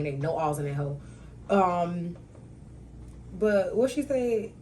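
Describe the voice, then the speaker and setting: A young woman hosts her own talk show alone, rambling through casual stories full of slang. Her voice sits a little low and jumps into loud, excited outbursts when she acts out a punchline. A faint hum of room ambience sits behind her. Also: moderate pace, long pauses, poor audio.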